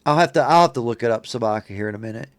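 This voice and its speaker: A man's voice: medium pitch, animated, rapid-fire, dry recording. A man hosting a casual talk show, reading a news report and then ranting with lots of swearing. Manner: profane, ranting and indignant. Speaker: show host.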